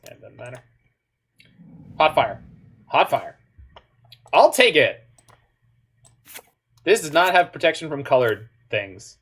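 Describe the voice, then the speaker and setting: A man's voice: on the high side, big pitch swings, takes it slowly, long pauses, a bit bright, husky. A man from Canada, giving casual, joking commentary while he plays an online card game, with muttered asides in between.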